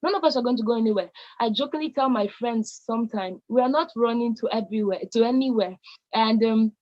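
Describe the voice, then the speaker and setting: A young Nigerian woman in her late teens delivers a motivational speech with emphatic, repeated exhortations. Her voice sits high. The recording is muffled and lo-fi. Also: fast. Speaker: youth speaker.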